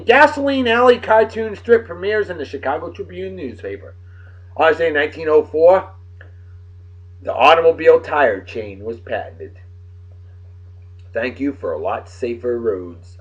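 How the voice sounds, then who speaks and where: A man with a Massachusetts accent hosting a casual beer video, reading this-day-in-history facts with profane, wisecracking asides. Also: a little high. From Martha's Vineyard, Massachusetts. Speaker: host of a daily beer video. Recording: dull lo-fi recording.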